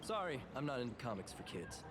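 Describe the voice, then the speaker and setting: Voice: mid-range voice, sing-song, brisk, a little hiss or hum, lightly acted. A voice actor playing a dismissive young mecha fan in a video game, condescending and know-it-all. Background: game music.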